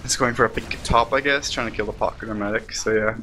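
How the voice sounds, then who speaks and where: A man breaking down a live esports match at a rapid clip, peppering his analysis with "like" and "kinda". His tone is bright and crisp, with a faint hiss behind him. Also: lowish voice, steady tone. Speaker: esports caster.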